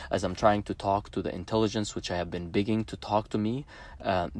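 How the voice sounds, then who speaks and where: A man's voice: deep voice, a little mellow. Emotional Egyptian-accented man, pleading and defiant. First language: Arabic. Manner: emotional, pleading and defiant, repeats phrases for emphasis. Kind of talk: emotional personal monologue.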